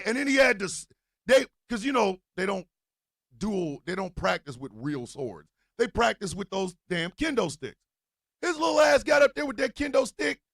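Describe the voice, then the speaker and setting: A man tells a comic story. His voice is high and gravelly, and his pitch leaps all over. The sound is close and dry. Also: no room sound. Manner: animated, swings from low mutters to loud outbursts. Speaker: podcast host telling a story. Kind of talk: comedic storytelling monologue.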